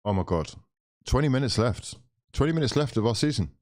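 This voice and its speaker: This is live match commentary and reaction from a man hosting a football watchalong. His mid-range voice is animated, fairly quick and a little mellow, and he punctuates the play-by-play with sighs, swearing and mock despair.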